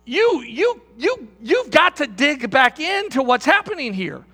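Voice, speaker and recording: A man's voice: very high voice, animated, moderate pace, creaky, sharp tone, soft background music, heavily acted. A man doing a gushing young believer. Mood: thrilled. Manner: eager, gushing. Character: excited young male Bible believer.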